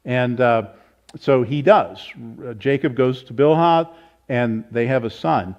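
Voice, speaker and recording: A man's voice: mid-range voice, animated, a little slow, a little mellow. Male pastor, casual Bible study teacher, chatty and self-correcting, somewhat muffled church recording. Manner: informal, thinks aloud, self-corrects. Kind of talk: conversational Bible teaching with audience questions. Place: church meeting room. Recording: slightly dull, lo-fi.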